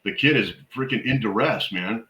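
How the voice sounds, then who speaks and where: A man's voice: fairly low pitch, moderate pace, pushed and bright, reverberant, dull audio. A middle-aged man, a military veteran and suicide prevention educator, telling stories in a blunt, emphatic way as an interview guest. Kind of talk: conversational podcast interview.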